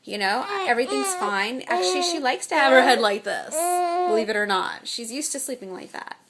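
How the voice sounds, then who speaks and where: A young woman and mother chatting casually to camera, telling stories in an exasperated, animated way. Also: a little high, fairly quick. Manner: chatty, exasperated storytelling with mock-quoted voices. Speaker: mother vlogging.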